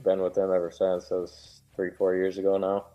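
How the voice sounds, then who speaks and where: A man from Minnesota guesting on a racing podcast, answering in a plainspoken, steady way. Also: sits low, fairly quick, faint music behind, low-quality recording. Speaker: guest race driver. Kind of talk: casual interview.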